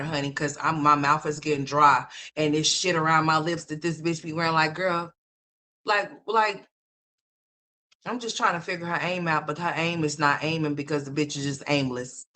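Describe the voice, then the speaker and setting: Bright-voiced, blunt, mocking commentary host. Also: medium pitch, steady tone, normal speed. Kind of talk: opinion commentary on online drama.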